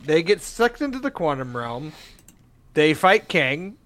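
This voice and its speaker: A man on a casual podcast chat, rambling and halting as he talks. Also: fairly high pitch, big pitch swings, fairly bright tone, no echo.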